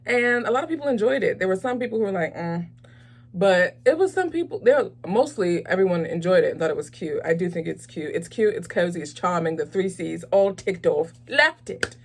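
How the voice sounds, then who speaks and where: A woman hosting a casual movie review vlog, talking in an animated, enthusiastic, chatty way with frequent fillers. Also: fairly low pitch, a little fast, few pauses. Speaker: host of a movie review channel.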